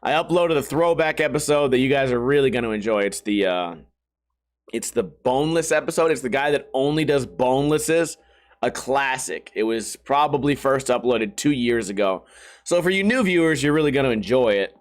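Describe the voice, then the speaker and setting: A man's voice: medium pitch, animated, moderate pace. A man hosting a podcast with a sore throat, telling stories in a casual, rambling, profane way. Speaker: podcast host. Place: home. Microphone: camera, sitting at a desk.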